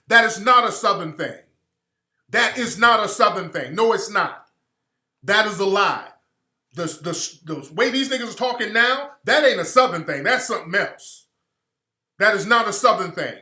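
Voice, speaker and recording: A man's voice: high voice, pushed and bright, echoey room. A man from Alabama giving an emphatic, opinionated monologue as a commentator, hammering his points home with repetition. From Alabama, US South.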